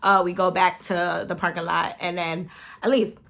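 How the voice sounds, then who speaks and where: A young woman, telling a story in a casual, profane, animated way while doing her makeup. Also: fairly low pitch, normal speed, vocal fry. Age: 20s. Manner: animated, profane, laughs often, acts out her own quotes. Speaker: beauty vlogger.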